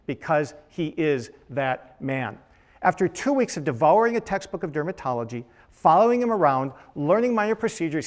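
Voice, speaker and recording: A middle-aged man speaks on a panel in a lecture room, talking into a microphone at a podium. His voice sits a little high for a man. He tells his story with quoted voices and rhetorical questions. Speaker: panelist, dermatologist. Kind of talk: panel talk to students.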